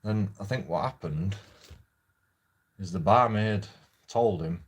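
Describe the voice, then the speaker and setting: Man, deep husky voice, halting sweary vlog rant. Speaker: vlogger. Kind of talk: casual storytelling monologue.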